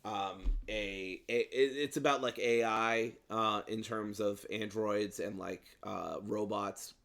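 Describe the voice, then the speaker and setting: A man with a lowish voice chats casually about the horror films he watched. He rambles, fills gaps with ums and throws in playful swearing. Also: fairly even intonation, takes it slowly, gravelly, fairly bright tone. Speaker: podcast co-host. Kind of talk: casual movie review chat.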